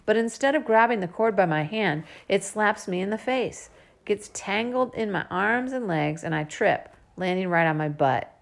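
A woman reading a first-person storybook aloud, giving the young girl narrator a lively voice. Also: mid-range voice, moderate pace, creaky. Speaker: audiobook narrator.

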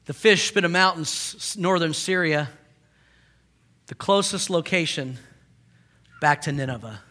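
A male pastor preaching with a bright, forceful tone and a voice that sits a little high. He tells stories with animated bursts, then drops into slow, hushed emphasis. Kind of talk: sermon.

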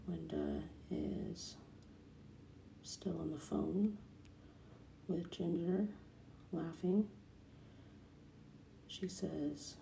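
A soft-spoken woman retelling a cartoon episode, at times dropping into a whisper. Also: fairly low pitch, extremely slow, gravelly, long pauses, echoey room, a little hiss or hum, rough recording. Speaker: narrator.

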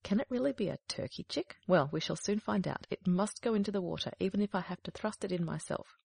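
Storybook mother duck, tired and fretful, breathy and gravelly, read by a woman. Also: mid-range voice, animated, fast talker, darkish tone, no echo.

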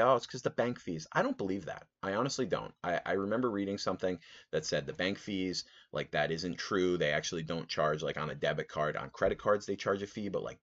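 A man with a very deep voice tells a casual podcast story, rambling and animated, with plenty of "like" and "uh". The sound is dull and a bit lo-fi. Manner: rambling, animated, full of fillers. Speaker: podcast host.

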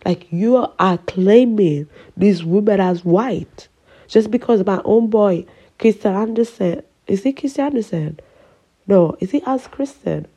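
A woman around thirty from Italy, hosting a podcast and speaking her opinions in an impassioned, emotional way, often pausing to apologize. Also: mid-range voice, lively intonation, mellow, breathy edge. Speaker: podcast host. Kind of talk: personal opinion podcast monologue.

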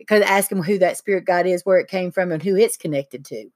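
A woman's voice: lowish voice, a little fast, a little mellow, dry recording, studio quality. A mother co-hosting a casual faith talk, speaking firmly and asking pointed questions. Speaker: co-host and mother.

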